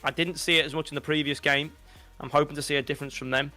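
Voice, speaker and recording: Bright, crisp-voiced young Scouse man. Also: fairly high pitch, quick pace, faint music behind. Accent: Liverpool. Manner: rambling, excitable, restarts often. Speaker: co-commentator. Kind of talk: esports pre-match analysis.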